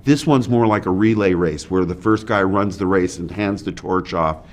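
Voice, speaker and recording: A man's voice: sits low, moderate pace. A man in a played interview clip, explaining in a loose, conversational way with restarts. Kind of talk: casual explaining.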